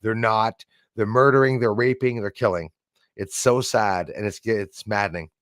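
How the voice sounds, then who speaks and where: A man's voice: on the low side, steady tone, moderate pace, no echo, studio quality. A man hosting a casual live stream from his old house, rambling, greeting viewers by name and swearing now and then. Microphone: desk microphone.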